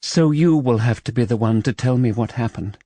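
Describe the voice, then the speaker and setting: A man voicing a gentle, caring young woman raised in an orphanage, speaking softly and earnestly in an audiobook. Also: mid-range voice, normal speed, dry recording, lightly acted. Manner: soft, earnest, pleading. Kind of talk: audiobook character voice.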